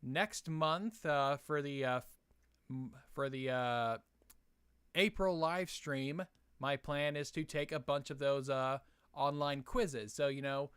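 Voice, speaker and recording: A young man talks through chat questions on his live stream in a casual, halting way, full of fillers and restarts. His voice is smooth and clear, at an everyday pitch for a man. The sound is close and dry, with no room around it. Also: fairly bright tone, dry recording. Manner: hesitant, many fillers and restarts.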